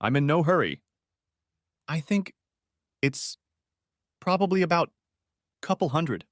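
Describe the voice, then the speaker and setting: A man's voice: a little high, expressive, takes it slowly, no echo, clean studio sound, voice pushed up. A man voicing a tearful, unfaithful wife who stammers and begs, lifting his voice well above his own. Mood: hesitant. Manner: begging, stammering, sobbing. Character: tearful pleading unfaithful wife, adult woman.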